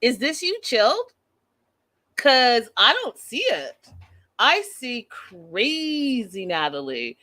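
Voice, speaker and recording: A woman's voice: on the high side, big pitch swings, slow pace, bright, forceful tone. A woman hosting an online recap of a reality show, talking casually and chattily with the viewers and laughing at herself.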